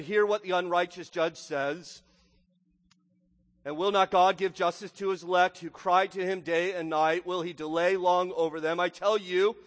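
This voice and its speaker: Male pastor, sermon delivery, lively and theatrical, high-pitched, reverberant church hall. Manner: animated, acts out voices, keeps asking "right?".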